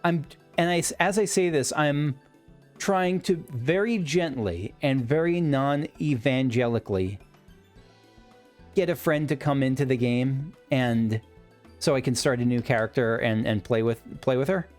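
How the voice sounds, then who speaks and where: Taking his time, this man speaks in a mid-range, somewhat mellow voice over faint background music. He's a let's play host commenting loosely on a video game, eager and meandering, often breaking off partway through a thought.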